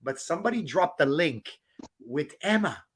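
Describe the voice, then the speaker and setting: A man's voice: on the high side, animated, moderate pace, breathy edge. A man hosting a livestream outdoors, ranting and mocking a rival with profane jokes and laughter. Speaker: livestream host. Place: outdoors on a walk in the rain.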